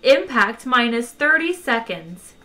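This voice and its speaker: A woman's voice: a little high, very animated, bright, forceful tone, heavily acted. A woman voicing a cheerful, overly friendly male ship's computer that sings nasally. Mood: chirpy. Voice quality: nasal sing-song. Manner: bubbly, drawn-out, overly friendly.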